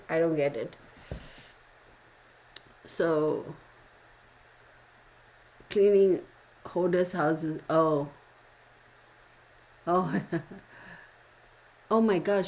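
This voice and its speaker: A chatty middle-aged woman with a drawl hosts a casual live stream, gabbing with her viewers. Her voice sits a little low for a woman. She is animated and gossipy and exclaims often. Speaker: tarot reader answering live chat.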